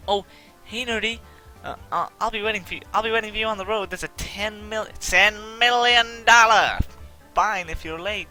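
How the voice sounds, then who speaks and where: Cast: man playing a brash young game rival, pitched up, bright and pushy. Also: soft background music. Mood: impatient. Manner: pushy, rushed, excitable. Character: brash impatient young male rival trainer.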